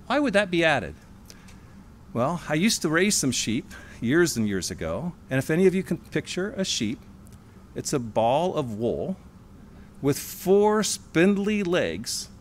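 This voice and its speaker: A man preaching in a church hall, leaning hard on single words and slowing down for the key phrases. His voice sits a little high and moves a lot in pitch. A faint hum of the room runs underneath. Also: sing-song. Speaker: sermonette speaker. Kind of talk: sermon.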